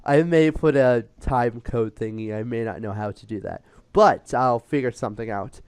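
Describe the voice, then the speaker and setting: A man with a smooth, clear voice hosts a casual interview in a chatty way and laughs easily. His voice sits in a mid range, and the sound is dry and close. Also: mid-range voice, moderate pace, no echo. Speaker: interviewer host.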